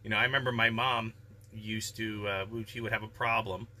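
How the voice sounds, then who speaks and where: Homem de voz muito brilhante, calmo e pausado. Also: male voice, lowish voice, a little hiss or hum. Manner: calm, measured, reflective. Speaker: vlogger giving daily life advice. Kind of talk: casual daily vlog monologue.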